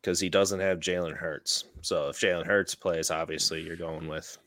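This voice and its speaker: A man hosting a casual fantasy football podcast, chatty and quick to laugh at himself. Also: sits low, steady tone, a bit bright. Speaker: podcast host.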